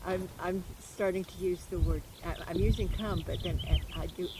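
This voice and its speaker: A man's voice: sits high, fairly even intonation, normal speed, heavy background noise. A man hosting a casual podcast chat, speaking hesitantly with restarts. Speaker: host.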